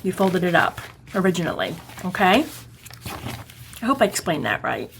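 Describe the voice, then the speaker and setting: A woman's voice: lowish voice, very animated, moderate pace, creaky, noisy background. A woman with a Boston accent hosting a casual crafting tutorial, chatty and rambling, correcting herself and checking that viewers are following along.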